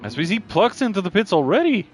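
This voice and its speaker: A man giving live commentary on a sim racing league, calling overtakes and getting excited, even shouting warnings at drivers. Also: high-pitched, quick pace, slight background noise.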